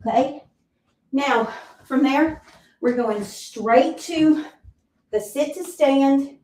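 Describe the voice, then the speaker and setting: A woman's voice: high-pitched, extremely slow, darkish tone. A woman leading a live workout class, counting reps aloud and encouraging the listener while out of breath. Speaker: fitness instructor. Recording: roomy sound, mic at a distance.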